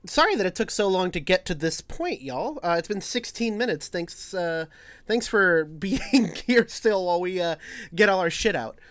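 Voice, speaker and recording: A man's voice: high-pitched, animated, normal speed, a bit bright, no echo. A man co-hosting a podcast who jokes, swears and laughs while playing a game. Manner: joking, profane, laughs often. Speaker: podcast co-host.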